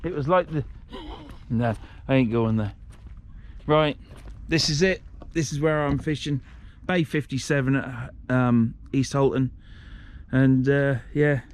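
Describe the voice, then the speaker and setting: A man's voice: mid-range voice, unhurried, pauses often, slight background noise. A middle-aged man, filming a casual outdoor vlog by a riverside shore on a handheld camera, talking in a blunt, grumbling way and swearing freely. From England. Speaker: fishing vlogger.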